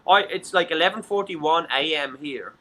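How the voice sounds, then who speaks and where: Irish male host, very bright tone, loose rambling delivery with lots of stumbles and swearing. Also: on the high side, normal speed. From Ireland. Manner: rambling, stumbles over words, swears freely. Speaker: show host. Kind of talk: casual chat.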